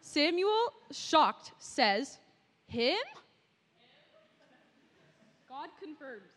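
A woman's voice: high-pitched, expressive, unhurried, fairly bright tone, long reverb tail. A woman narrating and directing a Bible skit, coaching the actors cheerfully and often laughing.

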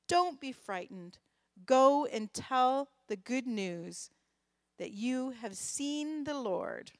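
Woman reading a calm comforting angel. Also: high voice, slow, no echo, exaggerated voice.

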